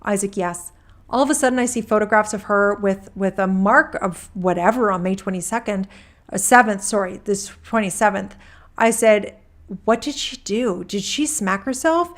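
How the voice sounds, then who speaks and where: A woman's voice: mid-range voice, normal speed, lightly acted. A woman reading a court transcript aloud, voicing a male witness who rambles and restarts his sentences in casual talk. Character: rambling male witness giving deposition testimony.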